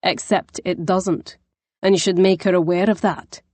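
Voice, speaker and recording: A woman's voice: fairly low pitch, steady tone, measured pace, a little mellow, no room sound, lightly acted. A woman voicing a blunt young nobleman who speaks directly.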